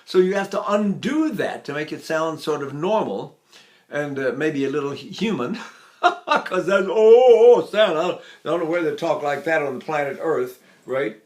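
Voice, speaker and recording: A man's voice: fairly high pitch, expressive, normal speed, reverberant. Older male voice teacher demonstrating singing. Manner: explains, then sings short phrases to show. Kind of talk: vocal lesson with sung demonstrations.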